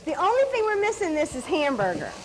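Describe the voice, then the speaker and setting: A woman's voice: sits high, huge pitch swings, a crowd in the background, low-quality recording. A middle-aged woman co-hosting a comedy cooking show, bantering and teasing her partner while she stirs. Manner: playful, teasing, quick comebacks. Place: TV studio kitchen with live audience.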